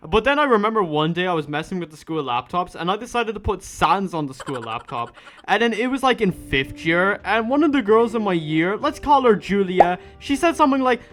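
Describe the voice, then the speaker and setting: A young Irish man telling a ranting storytime vlog about school, animated and full of "like". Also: sits high, fairly quick. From Ireland. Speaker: vlogger.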